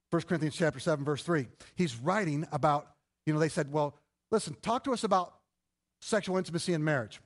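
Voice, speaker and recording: A middle-aged male pastor giving an animated, conversational sermon full of rhetorical questions. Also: medium pitch.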